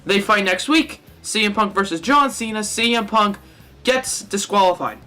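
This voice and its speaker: A young man with a high-pitched voice talks through a casual fantasy-booking monologue. His tone is bright and sharp, and he rambles, often correcting himself and tossing in jokes. Faint music plays behind him. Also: moderate pace. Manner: rambling, self-correcting and jokey. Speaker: wrestling fan vlogger.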